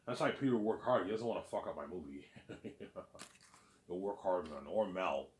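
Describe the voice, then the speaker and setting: A man's voice: low-pitched, animated, normal speed, roomy sound. A man hosting his own listening series, rambling in a casual, boastful monologue and often repeating words as he restarts.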